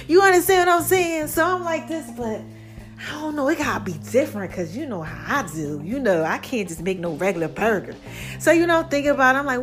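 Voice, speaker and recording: A woman with a high voice hosts a casual solo show, talking straight to her listeners. She is playful and stretches her words into a sing-song drawl. She sounds a little out of breath, with soft music under her. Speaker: show host.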